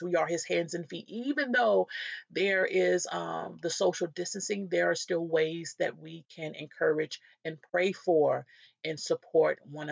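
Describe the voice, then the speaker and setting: A woman's voice: lowish voice, vocal fry, dry recording. A woman giving an earnest devotional talk, telling personal stories and acting out the voices of people she met. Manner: earnest, storytelling, acts out quoted voices. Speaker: Christian speaker. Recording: dull lo-fi dry recording.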